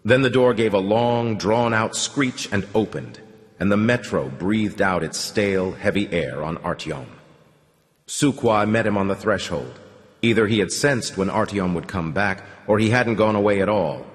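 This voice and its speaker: A man reading an audiobook in measured, somber scripted narration. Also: on the low side. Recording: long reverb.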